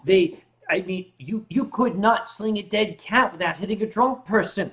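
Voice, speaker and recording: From the sofa in his home living room, a man hosts a casual comedic chat, his voice high and at a normal pace. He jokes around, reads viewer comments aloud and breaks into loud mock shouting.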